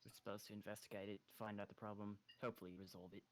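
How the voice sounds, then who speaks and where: Low-voiced young man playing a tabletop game. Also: flat delivery, very fast. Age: young adult. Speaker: player. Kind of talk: casual online tabletop game chat. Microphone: online voice call.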